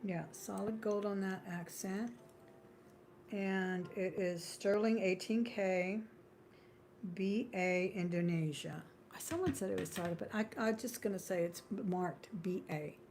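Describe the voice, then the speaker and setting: A woman's voice: mid-range voice, unhurried, a little mellow, slight background noise. A woman hosting a live-stream jewelry sale, calling out buy-now prices in a chatty, friendly way and drifting into small talk with frequent laughs. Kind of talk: live-stream sales patter.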